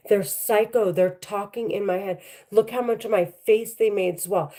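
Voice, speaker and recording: A woman talking to the camera at home, halting and repetitive, often restarting her sentences. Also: mid-range voice, fairly even intonation, warm tone. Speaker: vlogger.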